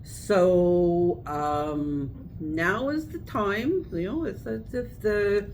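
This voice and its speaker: Middle-aged lady cohost, takes her time talking, faint rumble behind her. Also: rough recording. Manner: relaxed, unhurried announcements. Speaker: co-host. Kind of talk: casual chat.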